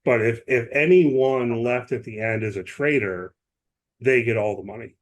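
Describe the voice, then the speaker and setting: A man's voice: medium pitch, normal speed. A man co-hosting a podcast, explaining at length in casual chat, with many asides and restarts. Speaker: podcast co-host.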